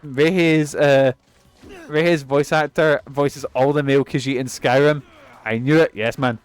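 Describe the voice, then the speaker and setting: Over soft background music, a young man streams a game with rambling, sweary commentary, laughing often. His voice is on the high side, steady, clear and resonant, and he talks a little slowly.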